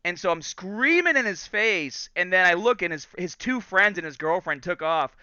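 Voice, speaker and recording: A man in his thirties hosting a podcast, telling a story casually and in an animated way, acting out the quotes. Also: sits high, moderate pace, clear, resonant tone, dry recording, dull audio. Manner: animated storyteller, acts out quotes and laughs often. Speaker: podcast host.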